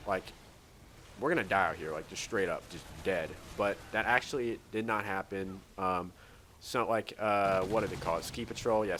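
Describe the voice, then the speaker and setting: Gaming host, male, lowish voice, rambling casual storyteller, faint gunfire underneath. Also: a bit bright, a little hiss or hum. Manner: rambling, many "like" fillers and restarts. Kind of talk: casual storytelling over gameplay.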